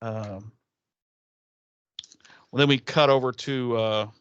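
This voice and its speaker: A man's voice: mid-range voice, fairly even intonation, slow, fairly bright tone, smooth, no room sound, lo-fi sound. A man co-hosting a podcast, casually talking through an episode's scenes. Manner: loose and conversational, with fillers. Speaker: podcast co-host.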